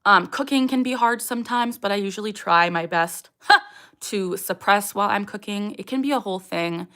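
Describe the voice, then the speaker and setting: A woman's voice: medium pitch, normal speed, sharp tone. A young woman hosting a casual livestream, answering viewer questions candidly, with frequent ums and sudden vocal tics. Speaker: livestream host.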